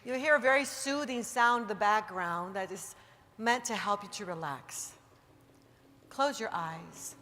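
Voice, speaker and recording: A woman giving an emphatic motivational talk to a live audience, later guiding a slow, soothing relaxation exercise. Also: mid-range voice, sharp tone, long reverb tail, slight background noise. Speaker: motivational speaker leading a guided meditation. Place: large hall with an audience.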